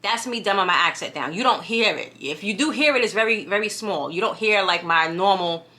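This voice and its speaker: A woman's voice: medium pitch, brisk, sharp tone. A young woman from New York with a New York accent, chatting casually and animatedly to her camera, often dropping "you know what I'm saying". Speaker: vlogger.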